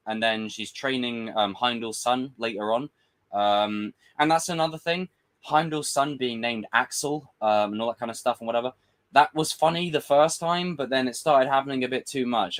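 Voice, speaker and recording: A man's voice: on the high side, lively intonation, normal speed, fairly bright tone. A man giving a casual, frustrated livestream rant as a film commentator, swearing and acting out quotes.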